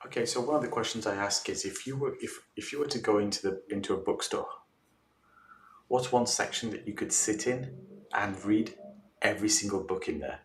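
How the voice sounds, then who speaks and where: A man with a low voice talks through a casual interview as a guest coach. He tells stories in an animated way and acts out what his clients say. His voice sounds roomy and far from the mic, with faint ambient noise behind it. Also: brisk.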